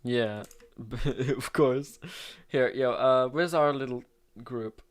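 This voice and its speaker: A man's voice: medium pitch, slow, no echo. Rambling man hosting a podcast. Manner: rambling, restarts mid-sentence. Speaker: podcast host. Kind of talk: casual podcast chat.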